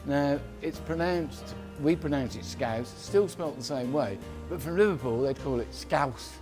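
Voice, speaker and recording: A man's voice: on the high side, normal speed, music in the background. A man from London giving a casual cooking demonstration, chatty and rambling, often correcting himself as he goes. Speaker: cook.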